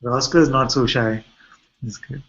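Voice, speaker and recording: A man with an Indian accent, a spiritual teacher giving a gentle satsang talk full of rhetorical questions. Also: medium pitch, fairly even intonation, moderate pace, vocal fry, dull audio. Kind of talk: satsang talk and video-call chat.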